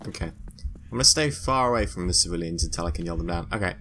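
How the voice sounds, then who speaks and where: Male, lower-pitched let's-play commentator, chatty and self-talking, prone to excited shrieks. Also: quick pace, a little hiss or hum. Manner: chatty, muttering to himself, excitable with squealing highs. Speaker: gameplay commentator.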